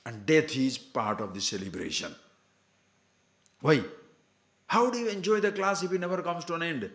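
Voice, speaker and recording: Male spiritual teacher, emphatic discourse style, animated delivery, roomy echo. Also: fairly high pitch, moderate pace. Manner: asks many rhetorical questions, emphatic. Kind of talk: scripture discourse to a class.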